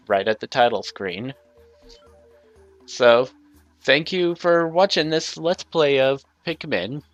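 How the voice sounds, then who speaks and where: A man hosting a let's play, giving relaxed, slow-paced commentary over faint game music. His voice has a bright, forward edge. He rambles a little and restarts his sentences as he talks. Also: mid-range voice, dry recording. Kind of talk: casual gameplay commentary.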